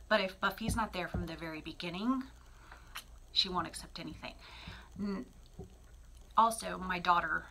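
A middle-aged woman chats through a home video about her cats, rambling from one thought to the next with plenty of fillers. Her voice sits a little low yet comes across bright and forceful. She is recorded in a small bathroom with a faint hiss underneath. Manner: chatty, rambling, many fillers; drops to a soft whisper near the kittens. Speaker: cat breeder. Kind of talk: casual vlog talk.

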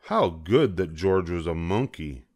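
An older man reading a children's picture book aloud, storytelling. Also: sits low. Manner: slow, lively storytelling.

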